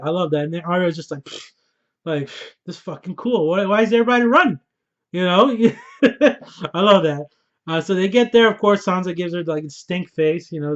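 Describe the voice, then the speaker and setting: A young man reviewing a TV episode in an animated, casual, profane way, laughing and swearing often. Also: on the high side, muffled recording. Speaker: TV show reviewer. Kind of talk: excited casual review monologue.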